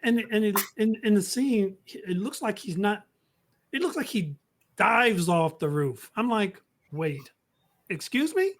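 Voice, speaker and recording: A man's voice: sits high, lively intonation, unhurried. Male guest, wry side comments, light background hiss on the line. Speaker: podcast guest. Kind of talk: casual podcast chat.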